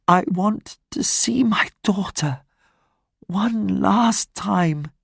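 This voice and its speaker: A man's voice: sits high, very slow, creaky, breathy edge, no room sound, clean studio sound, pitched above the performer's own voice, heavily acted. A man voicing a dying young mother who pleads weakly between coughs. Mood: frail pleading. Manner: breathless pleading, broken by coughs. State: weak and dying.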